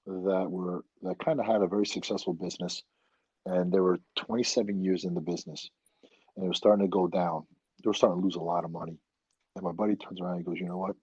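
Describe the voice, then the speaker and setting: Male guest, husky and low, blunt animated talker, dry close sound. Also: no room sound, muffled recording. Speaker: podcast guest. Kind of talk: casual chat.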